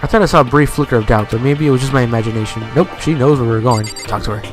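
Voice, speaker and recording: A man playing a visual novel, reading its text aloud in a casual way and breaking off for his own quick reactions. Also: medium pitch, over music. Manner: casual, reacts with swearing and laughs. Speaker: let's play gamer. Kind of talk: reading game dialogue aloud with casual commentary.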